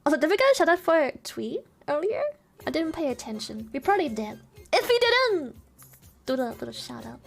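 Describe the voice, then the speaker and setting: A woman's voice: high voice, very animated, brisk, creaky, soft background music. A woman from Germany, a native German speaker, chatting casually on stream, ranting animatedly with lots of laughter and swearing.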